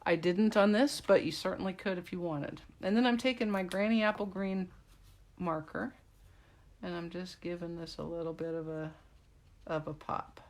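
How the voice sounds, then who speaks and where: A woman's voice: lowish voice, fairly even intonation, moderate pace. A middle-aged woman demonstrating card making in a casual tutorial, chatting and rambling in asides to her viewers. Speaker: craft demonstrator.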